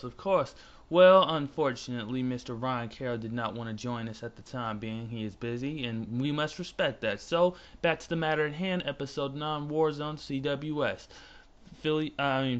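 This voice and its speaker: A man hosting a podcast, speaking in stiff, formal phrases broken up by hesitant fillers. His voice sits in the middle of the pitch range, and the audio is dull and lo-fi, like a call. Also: normal speed. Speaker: host.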